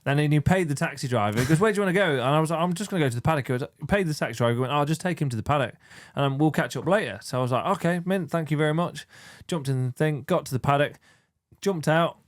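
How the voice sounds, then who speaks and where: A man guesting on a podcast, telling an anecdote with lively acted-out quotes and frequent laughter. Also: a little high, fast talker. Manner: animated storytelling, laughs often, acts out quoted voices. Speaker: podcast guest, motorcycle racer. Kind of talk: casual chat.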